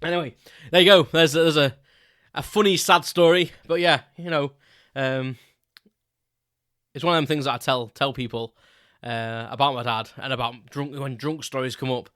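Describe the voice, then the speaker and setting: A man's voice: mid-range voice, steady tone, moderate pace, fairly bright tone, no room sound, studio quality. A British man hosting his own podcast, telling a rambling personal anecdote in a chatty way with casual swearing. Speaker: podcast host. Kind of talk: casual solo storytelling.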